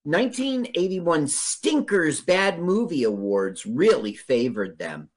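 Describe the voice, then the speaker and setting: A man chats on a podcast, riffing on a bad movie with a lively, up-and-down pitch. He talks casually and jokes along, sometimes slipping into playful put-on voices. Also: slow pace. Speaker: podcast co-host. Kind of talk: casual movie-riff chat.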